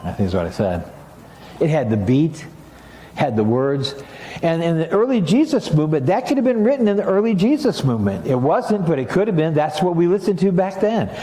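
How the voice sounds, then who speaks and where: A man's voice: on the high side, mellow, echoey room. A middle-aged man, a pastor, preaching a sermon in a church sanctuary, talking casually and then rising into emphatic passages.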